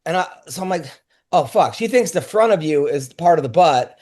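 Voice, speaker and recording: A man's voice: on the high side, lively intonation, moderate pace, a little mellow. A middle-aged man hosting a comedy podcast, telling rambling anecdotes full of restarts in casual banter. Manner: rambling storyteller with many restarts.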